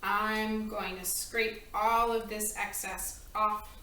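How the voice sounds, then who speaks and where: A woman's voice: mid-range voice, little pitch movement, slow, background noise. A woman casually talking through a baking recipe step by step as she works in her home kitchen. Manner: chatty, talks through each step while working. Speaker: home baker demonstrating a recipe. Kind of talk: casual cooking tutorial. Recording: echoey kitchen, mic at a distance, clattering dishes.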